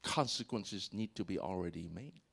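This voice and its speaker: Animated male preacher. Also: moderate pace, creaky, husky. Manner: animated, voice swells on key points and drops low after. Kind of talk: sermon.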